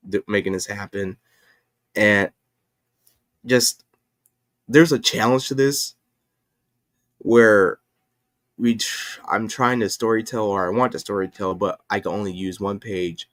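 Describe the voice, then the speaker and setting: Low-voiced man rambling on a stream. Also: a bit bright, no echo, clean studio sound. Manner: rambling, self-correcting, many fillers. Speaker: livestream host and comic creator. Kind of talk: casual livestream chat.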